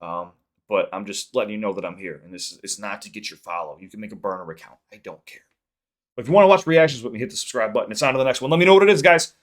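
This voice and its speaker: A man's voice: lowish voice, racing. A man hosting a music reaction channel, talking in a rambling, earnest way, swearing freely and stumbling over repeated words. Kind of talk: casual reaction vlog talk.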